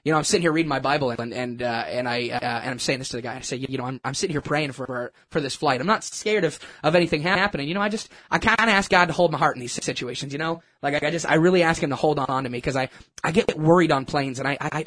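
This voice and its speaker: A man telling a personal story in a casual, animated, self-mocking way, with lots of restarts. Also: fairly high pitch, fast. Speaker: churchgoer sharing a testimony.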